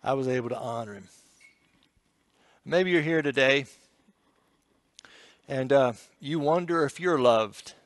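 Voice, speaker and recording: A man preaching a sermon, telling an emotional story and shifting between hushed passages and loud, pleading ones. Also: mid-range voice, unhurried, pauses often, no echo.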